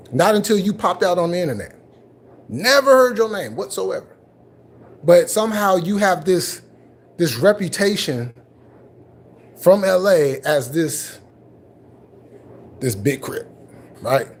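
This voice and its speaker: Husky, animated man ranting on a livestream. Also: high-pitched. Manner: confrontational, repetitive, mocking. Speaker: livestream host. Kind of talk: live stream commentary rant.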